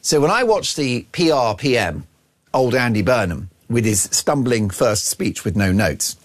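A man's voice: medium pitch, expressive, measured pace. A man hosting a radio show, delivering a brash, mocking opinion monologue full of self-aggrandizing banter. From Ireland.

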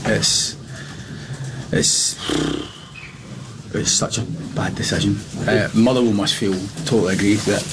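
Halting football manager, noisy clip. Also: male voice, lowish voice, steady tone. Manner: halting, dismayed, many fillers. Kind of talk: press conference answers. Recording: clip with loud background noise.

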